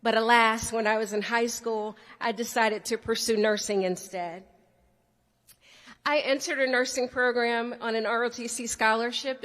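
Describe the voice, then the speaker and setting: A woman's voice: fairly high pitch, fairly even intonation, moderate pace, a bit bright, long reverb tail. A woman telling a playful personal story to a student audience, often speaking to the crowd directly. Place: large hall.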